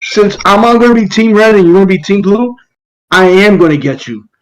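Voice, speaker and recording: A man's voice: high-pitched, normal speed, poor audio. A father on a podcast panel, telling stories in casual chat and laughing a lot. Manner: laughs a lot, animated storytelling.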